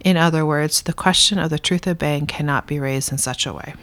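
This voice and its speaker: A woman reading a dense philosophy text aloud in a measured, deliberate way. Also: sits low, a bit bright. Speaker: reader in a philosophy reading discussion.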